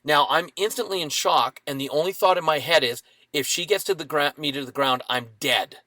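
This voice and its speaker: A man in his fifties telling a dramatic personal story as a podcast guest, with lively acted-out quotes. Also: fairly high pitch, fairly quick, no room sound.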